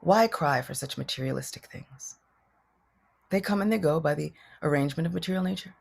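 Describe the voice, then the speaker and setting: Brief: a woman doing a sorrowful male royal advisor, eloquent but humbled, with a husky voice. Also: sits low, brisk, a little mellow, exaggerated voice. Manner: earnest, sorrowful storytelling.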